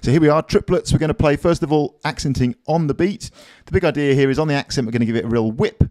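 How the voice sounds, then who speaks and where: A man's voice: on the high side, quick pace, a little mellow, no room sound, studio quality. A man teaching a drum lesson in a casual, encouraging, chatty way, counting beats aloud as he plays.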